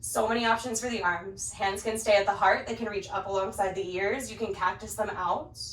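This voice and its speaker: A woman instructor gently cueing poses in time with the breath during a guided yoga class, slightly out of breath as she moves along. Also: medium pitch, brisk. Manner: calm, gentle cues paced to the breath. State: a little out of breath while practicing along. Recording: roomy, picked up from a distance.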